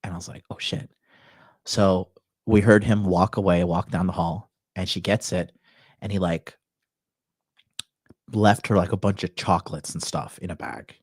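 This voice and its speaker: A husky, low-pitched man talks a little slowly with fairly even intonation and long pauses. As a Tokyo dating coach hosting a dating talk show podcast, he tells a crude story with heavy swearing and brash swagger. The clean studio sound carries no room noise.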